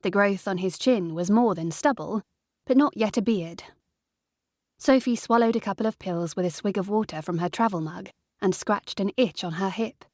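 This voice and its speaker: A woman's voice: mid-range voice, normal speed, a little mellow, no echo. Woman reading an audiobook, dry close sound. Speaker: audiobook narrator. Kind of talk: scripted narration.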